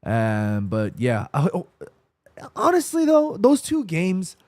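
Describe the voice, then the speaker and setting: A man's voice: medium pitch, wildly swooping pitch, slow, darkish tone, dry recording. A man with a New York accent hosting a football live stream, rambling casually and answering chat comments while tired. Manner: rambling, restarts and self-corrections. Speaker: football livestream host.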